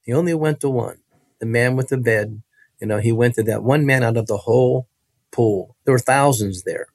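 A man telling a personal story as an interview guest, animated and emphatic, often repeating phrases. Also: mid-range voice, normal speed, no room sound.

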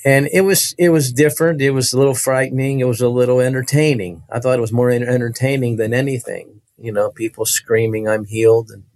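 A man's voice: medium pitch, fairly even intonation, brisk, hardly any pauses, a little mellow, no room sound. A man telling his personal faith testimony in conversation, earnest and vivid, with frequent restarts.

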